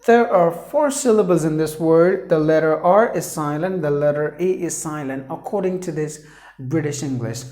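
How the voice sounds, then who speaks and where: A man's voice: fairly high pitch, moderate pace, darkish tone, roomy sound. A man teaching a pronunciation lesson, repeating each word several times and drawing it out for drilling.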